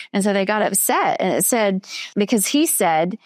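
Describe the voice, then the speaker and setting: A woman's voice: mid-range voice, no room sound, studio quality. Woman teaching children a Bible story. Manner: patient, questioning, slows down for emphasis. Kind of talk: Bible lesson for children, asking questions.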